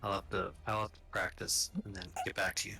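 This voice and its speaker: A man's voice: low voice, level tone, fast, creaky, sharp tone, faint music behind. A man chatting casually on a stream, hesitant and often restarting his sentences. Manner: hesitant, self-correcting. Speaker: co-player on a stream. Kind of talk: casual chat.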